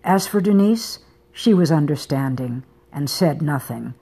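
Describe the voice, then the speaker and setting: Audiobook narrator, woman, low husky mellow voice, soft intimate delivery. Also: animated, a little slow. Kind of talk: scripted narration of a romance novel.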